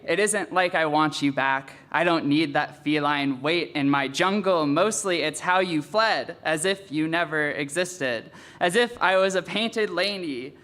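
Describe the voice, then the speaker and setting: Bright-voiced young man reading poems. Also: fairly high pitch, smooth. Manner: candid, offhand intro then steady earnest reading. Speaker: student poet. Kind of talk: live poetry reading.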